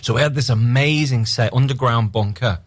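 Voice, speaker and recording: A man, an actor guest on a radio interview, talking hesitantly with many ums and pauses. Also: mid-range voice.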